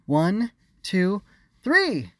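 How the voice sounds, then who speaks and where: A man voicing a proud, bossy young girl ruler in a high, bright put-on child voice, for an audiobook. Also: brisk, no room sound, lightly acted. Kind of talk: audiobook character reading.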